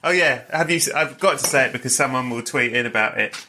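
A man hosting a podcast interview, quick and jokey, enthusiastic and casually swearing. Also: medium pitch, bright, forceful tone, a little hiss or hum. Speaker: podcast host.

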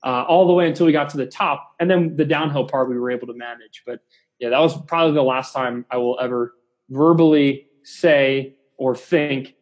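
Guest man, coach, husky voice, rambling storyteller who acts out quotes. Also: mid-range voice, fairly even intonation, normal speed, dull audio. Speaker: CrossFit coach, podcast guest. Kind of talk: casual chat.

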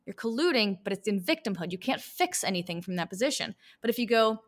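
Animated woman coach, interview guest. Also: medium pitch, fast. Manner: animated, lively, acts out reactions. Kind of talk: conversational interview.

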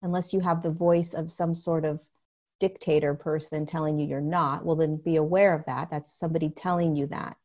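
A woman's voice: deep voice, fairly even intonation, a little fast, darkish tone. A woman guest speaking earnestly and emphatically in casual conversation as a spiritual teacher, often acting out what people say. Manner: earnest, emphatic, acts out quotes.

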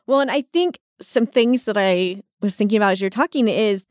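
A woman hosts a conversation and reflects supportively on what her guest has shared. Her voice sits at an ordinary middle pitch. The sound is dry and close-miked. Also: brisk, a little mellow, dry recording. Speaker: host. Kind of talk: interview conversation.

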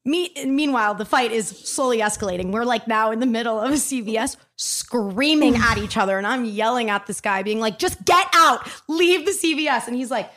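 Fast-talking animated young woman. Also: fairly high pitch. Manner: animated, acts out quotes loudly. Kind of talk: casual storytelling chat.

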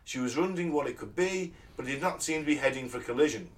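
A man's voice: medium pitch, expressive, fast. Dry british guy reading stories out on a podcast, sounds a bit far from the mic. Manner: dry, sarcastic, laughs often. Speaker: podcast co-host. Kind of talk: casual chat, reading news aloud. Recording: distant mic.

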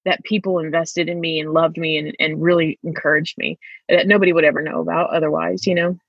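Woman chatting back about her college days, husky low voice, dry lo-fi sound, laughs a lot. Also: little pitch movement, fairly quick, no room sound. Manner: reflective, laughs often while telling stories. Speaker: former student guest. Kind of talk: casual interview. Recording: dull lo-fi sound.

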